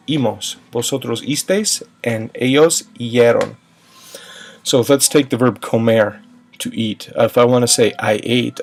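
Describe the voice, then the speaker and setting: Man, teacher, patient, explains step by step, mid-pitched voice. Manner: patient, spells out endings, sings a short chant. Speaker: Spanish teacher. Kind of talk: recorded grammar lesson.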